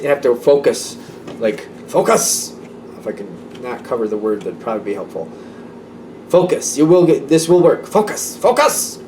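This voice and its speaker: A man's voice: medium pitch, a little mellow, distant mic. A man gives a casual tarot reading, talking in a chatty, repetitive way and laughing lightly between thoughts. His voice sits a little away from the microphone, with a faint hum of room ambience behind it. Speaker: tarot reader.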